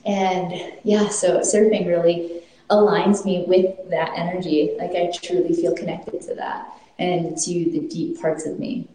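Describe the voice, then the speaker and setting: Woman telling her own story, earnest, kinda low and mellow voice, lots of restarts. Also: level tone, unhurried, slight background noise. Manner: earnest and reflective, with frequent restarts. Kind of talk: personal storytelling. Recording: very echoey room.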